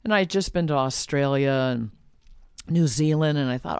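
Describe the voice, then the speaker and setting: A woman's voice: normal speed, clear, resonant tone, dry recording. Middle-aged woman guest, earnest and chatty, playful quoted asides, dry recording. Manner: warm, earnest, laughs often, acts out quotes in a high voice. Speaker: guest, author and shamanic practitioner. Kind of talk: casual interview talk.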